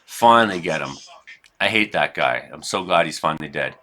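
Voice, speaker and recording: A Canadian man giving casual, rambling commentary over his own gameplay, shifting between chat and loud reactions. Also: rumbling low, moderate pace. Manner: rambling, excitable, reacts loudly to hits. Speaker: gaming streamer and weather forecaster.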